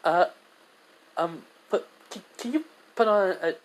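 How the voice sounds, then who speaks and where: A shy young goddess who stumbles over every word, her voice lifted well above a normal speaking pitch, played by a man retelling a story. She hesitates and trails off, plainly flustered. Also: expressive, unhurried, slight background noise, low-quality recording. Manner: stammering, raised pitch.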